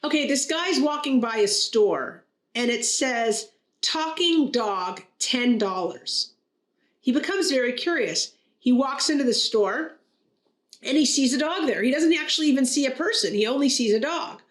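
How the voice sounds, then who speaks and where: A woman rabbi talks in a chatty, playful way, her voice sitting a bit high. The sound rings with room echo. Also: expressive, normal speed. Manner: chatty, playful joke-teller. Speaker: rabbi, co-host. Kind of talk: casual conversation.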